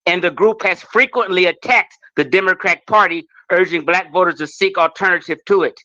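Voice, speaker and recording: A man's voice: high-pitched, brisk, bright, forceful tone, dry recording, highs cut off. A man in a heated live debate who reads a source aloud, curses and cuts in. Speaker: debate guest.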